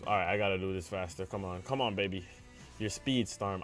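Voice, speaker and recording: This low-pitched male streamer talks fairly quickly, with soft music playing behind him. His live game commentary is excitable, full of back-and-forth with viewers and cries of dismay at botched plays.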